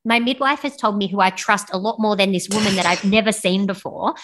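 A young woman, a podcast guest telling her birth story in a frank, animated way with blunt swearing. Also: medium pitch, brisk, a little hiss or hum. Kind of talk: casual storytelling interview.

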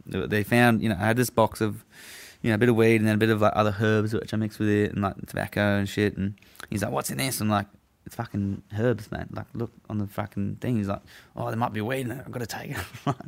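A man's voice: on the low side, fairly even intonation, fast, gravelly, few pauses. A young man telling a story in casual chat, laid-back, swearing freely and laughing as he goes.

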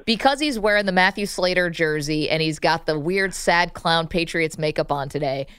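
Playful woman radio host, smooth voice. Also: fairly low pitch, normal speed, a bit bright, no echo, clean studio sound. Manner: playful, laughs often. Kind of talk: casual radio banter.

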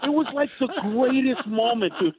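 A man, a stand-up comedian, telling family stories in casual chat, animated and laughing as he acts them out. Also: extremely high pitch, moderate pace. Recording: tinny phone-like dry sound.

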